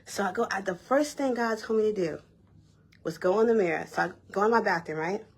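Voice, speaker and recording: Young woman, vlogger, husky breathy tone, animated, slangy casual storytelling. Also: mid-range voice, brisk. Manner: animated, repeats herself, slangy and conversational.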